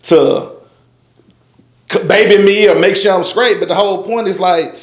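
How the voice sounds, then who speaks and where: In an echoey room, a man in his forties rambles loosely as a guest in a casual roundtable chat, frequently saying "you know what I'm saying." His voice sits high and his pace is normal.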